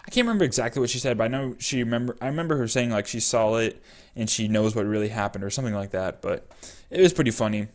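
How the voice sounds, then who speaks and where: A young man tells a personal story in a casual vlog. He rambles and fills his sentences with "like" and "um". His voice sits at an ordinary middle pitch. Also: quick pace, a little mellow. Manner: rambling with many fillers. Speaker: vlogger.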